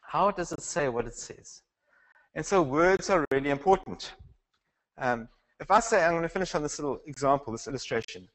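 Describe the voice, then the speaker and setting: Speaking in a slightly high, animated voice at a brisk pace, a South African man leads a Bible class like a casual lecture. He questions his students and keeps restarting sentences, and the recording is rough.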